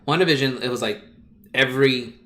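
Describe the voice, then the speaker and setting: A man hosting a casual podcast chat, excitable and rambling, full of fillers and quick asides. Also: mid-range voice.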